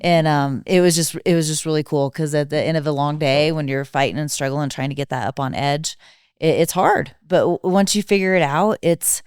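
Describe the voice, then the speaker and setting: Low, smooth-voiced woman telling riding stories. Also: fairly quick, no room sound, studio quality. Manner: relaxed storytelling with many fillers. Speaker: snowmobile riding instructor. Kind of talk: casual podcast chat.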